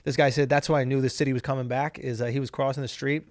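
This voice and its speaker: A man appearing as a comedian guest on a podcast, telling stories in an animated, profane, casual way. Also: medium pitch, quick pace, no room sound, clean studio sound. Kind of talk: casual chat.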